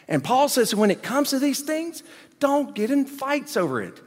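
A man preaching a sermon as pastor, animated, swinging between loud emphasis and quiet asides. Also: extremely high pitch, moderate pace. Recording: long hall reverb.

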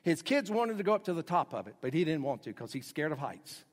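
A man preaching a sermon as pastor, dramatic, swinging between loud bursts and hushed lines. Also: on the high side, big pitch swings, fast talker, in a large hall.

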